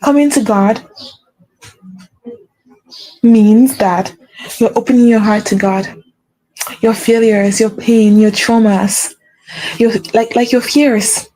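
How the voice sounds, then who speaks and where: A woman with a fairly high, mellow voice talks earnestly to the camera like a faith coach. She often says the same phrase twice for weight. Her tone stays soft and warm, with no edge. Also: steady tone, slow, long pauses, rough recording. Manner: earnest, repeats phrases for emphasis. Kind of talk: earnest spiritual pep talk to camera.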